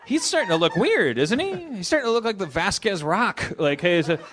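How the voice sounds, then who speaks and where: A man's voice: high voice, big pitch swings, brisk, a bit bright. A man hosting a live comedy podcast, rambling and stumbling through a joke with restarts and laughs. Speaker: podcast host. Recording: live stage show with audience.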